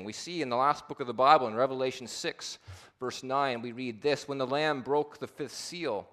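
With a slowed, deliberate repetition for emphasis, a man preaches a sermon whose volume climbs to loud peaks and then sinks to low, hushed phrase endings.

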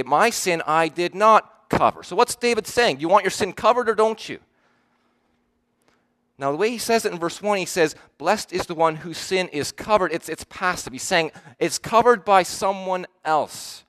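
Preacher, male, fairly high voice, earnest and emphatic sermon delivery. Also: expressive, fairly bright tone. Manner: earnest, emphatic, with slow stressed quotes.

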